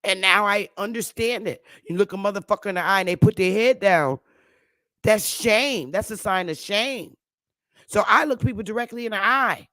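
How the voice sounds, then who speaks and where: A woman's voice: medium pitch, moderate pace, fairly bright tone, no room sound, clean studio sound. A woman talking straight to the camera in a casual monologue, blunt, heavy on profanity and emphatic. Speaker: online commentator.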